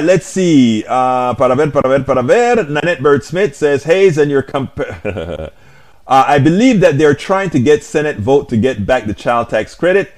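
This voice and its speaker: A man hosting a live stream, reading viewer comments aloud and answering them in an argumentative way, with rhetorical questions and frequent restarts. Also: mid-range voice.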